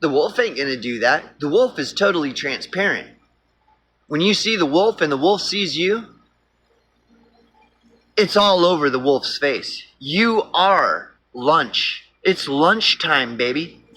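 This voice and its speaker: A man's voice: on the high side, animated, measured pace, long pauses, a bit bright, breathy edge. A man with an Oklahoma accent, rambling through a profane, casual political monologue.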